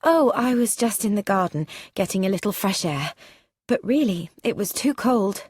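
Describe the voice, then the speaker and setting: A woman voicing a fussy, proper young wife, brisk and a little snobbish. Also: mid-range voice, animated, a little mellow, slightly rough, no room sound. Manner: brisk, slightly breathless, snobbish.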